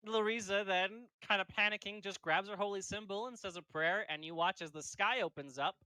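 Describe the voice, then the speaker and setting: A man's voice: high-pitched, fairly quick, pushed and bright, no echo, poor audio. A man narrating as game master in a casual, rambling way with many fillers.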